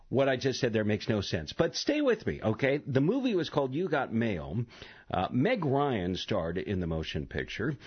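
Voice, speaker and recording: Brief: husky male talk radio host, animated pitch, chatty with lots of ums, dull lo-fi broadcast sound. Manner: chatty, halting with many fillers. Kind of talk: live call-in radio talk.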